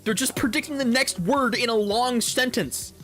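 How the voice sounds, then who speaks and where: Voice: medium pitch, moderate pace, fairly bright tone, soft background music. A gaming YouTuber ranting over gameplay in a heated, profane way, often repeating words.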